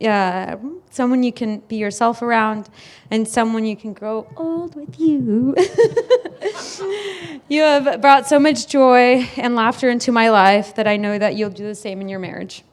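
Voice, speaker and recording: A woman's voice: on the high side, fairly even intonation, unhurried. A young woman, the groom's sister, giving a wedding toast at a reception, laughing often and fighting back tears. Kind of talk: wedding speech.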